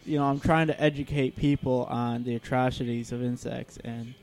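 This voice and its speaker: A man's voice: medium pitch, fairly even intonation, moderate pace, darkish tone, slight background noise. A young man in casual chat, talking loosely with many fillers and acting out other people's lines when he tells a story. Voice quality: laid-back, lots of fillers, acts out voices in stories.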